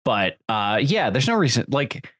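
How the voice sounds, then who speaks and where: A man's voice: medium pitch, sing-song, measured pace, fairly bright tone, no echo, clean studio sound. A man co-hosting a podcast, explaining points about a book and its film in a thoughtful, casual way. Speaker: podcast co-host. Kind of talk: casual movie-review chat.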